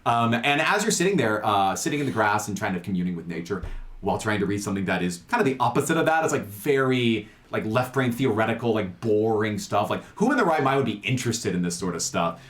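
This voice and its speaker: A man's voice: on the low side, very animated, fast talker, a bit bright, echoey room. A man narrating as game master in a tabletop game, chatty and full of fillers and repeated words, over a video call.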